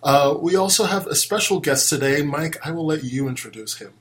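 A man's voice: on the high side, brisk, noisy background. A man from the United States hosting a casual podcast and reading out listener messages. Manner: easygoing, reads listener messages aloud. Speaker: podcast host.

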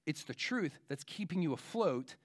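A male pastor preaching in a loose, conversational way. His voice sits a bit high for a man, and he often stops to restart a thought. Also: animated, moderate pace. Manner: casual, with frequent fillers and restarts. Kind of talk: conversational sermon.

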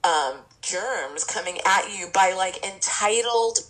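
A woman co-hosting a podcast, talking in a chatty, expressive way full of fillers. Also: mid-range voice, takes it slowly, rough recording. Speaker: podcast co-host. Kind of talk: casual podcast chat.

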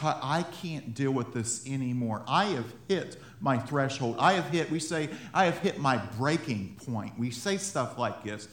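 A man preaches as pastor in a church sanctuary whose echo fills the recording, speaking to the congregation in a chatty manner. His mid-range voice is animated and measured, with few pauses, and he repeats himself and chuckles as he goes.

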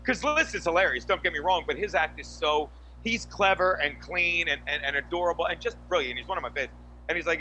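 Fast, bright-voiced male podcast host. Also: a little high, slight background noise, low-quality recording. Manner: animated storytelling, frequent asides. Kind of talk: casual chat.

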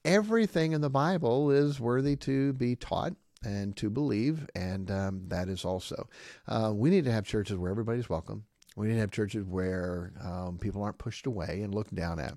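This pastor hosts a podcast in a lowish voice at normal speed, recorded in a clean studio with no room sound. His monologue is emphatic, he keeps checking in with "okay?", and he acts out other people's words in lively voices.

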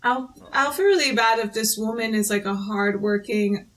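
Chatty woman with quick exclamations. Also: fairly high pitch, fairly bright tone. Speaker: co-host watching a show. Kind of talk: casual reaction chat.

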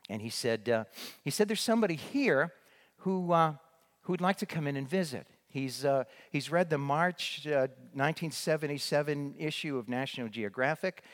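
An older man recounts his missionary years in a loose storytelling talk. He rambles, restarts his sentences and fills pauses with "uh" and "you know". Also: fairly high pitch. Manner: rambling with many restarts and fillers. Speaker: former missionary.

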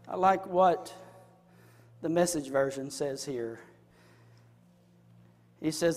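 A high-pitched male preacher delivering a sermon with dramatic swings in volume. He drops to near-whispers, then builds to fervent shouts. His voice carries a long reverb, as if he is recorded in a large hall. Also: steady tone, unhurried, pauses often.

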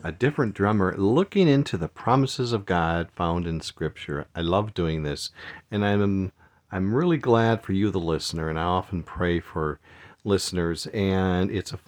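Rambling low-voiced man giving a devotional. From Minnesota, USA. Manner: rambling, with restarts and soft laughs. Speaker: podcast host. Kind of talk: casual devotional talk.

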